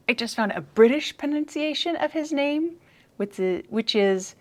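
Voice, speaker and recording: A woman's voice: medium pitch, animated, fairly quick, a bit bright. A woman presenting a brick-building session for children in a playful, chatty way, often muttering and whispering asides to herself. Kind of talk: casual build-along narration for kids.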